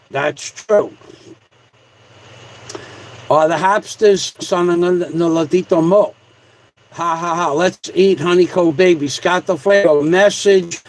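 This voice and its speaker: High-voiced man chatting on a livestream. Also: moderate pace, low-quality recording. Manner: rambling, joking, repetitive shout-outs. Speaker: livestream host. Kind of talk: casual livestream chat reading comments.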